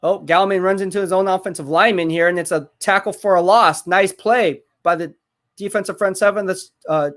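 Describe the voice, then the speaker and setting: Reacting to each play and talking with his audience, a man excitedly hosts a live football viewing stream and repeats what he says. His voice sits high, and his pace is fairly quick.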